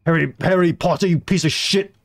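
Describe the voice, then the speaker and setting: Man putting on a raging old wizard headmaster, screaming, higher pitched than his normal voice, loud. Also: a little fast. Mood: furious. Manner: yelling, swearing, raised higher pitch.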